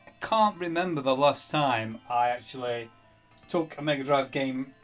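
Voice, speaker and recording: A man's voice: medium pitch, normal speed, fairly bright tone. Male streamer, casual muttering delivery, faint music underneath. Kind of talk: casual live-stream chat while gaming.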